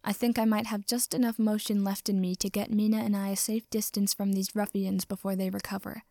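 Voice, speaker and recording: A woman's voice: medium pitch, little pitch movement, brisk, warm tone, dry recording, clean studio sound, lightly acted. A woman voicing a pompous, formal tin man who speaks precisely like a class president. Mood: rueful.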